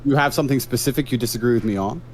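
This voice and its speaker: A man's voice: medium pitch, racing, a little mellow, slight background noise. A man from the United Kingdom speaking on an online debate panel, formal and lecturing in manner. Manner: formal, lecturing, self-assured. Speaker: debate guest.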